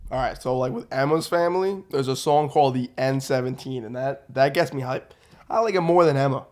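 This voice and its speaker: A man guests on a casual podcast, answering in short, relaxed bursts and laughing along easily. His voice sits at an ordinary middle pitch for a man. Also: fairly quick. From Irish family roots. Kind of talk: casual chat.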